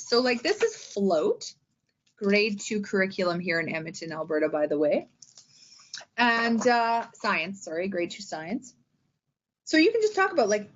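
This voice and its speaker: A woman's voice: a little high, moderate pace. A woman giving casual, chatty teaching tips, often tossing in "like" and "right?". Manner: chatty, animated, lots of "like" and "right?". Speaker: reading workshop presenter. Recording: dull lo-fi recording.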